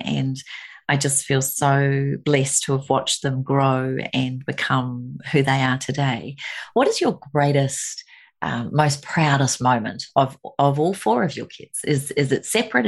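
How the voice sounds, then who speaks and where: A woman with a very low, gravelly voice hosts an interview. Her tone is husky, and her questions run long and wander before they land. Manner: asks long, rambling questions. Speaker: host.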